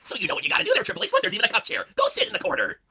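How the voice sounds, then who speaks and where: A man's voice: high-pitched, wildly swooping pitch, very fast, bright, forceful tone, breathy edge, pitched above the performer's own voice, exaggerated voice. A man voicing a cruel, scheming rich wife who taunts in a sultry, mocking way. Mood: taunting. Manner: taunting, mocking purrs and shrieks.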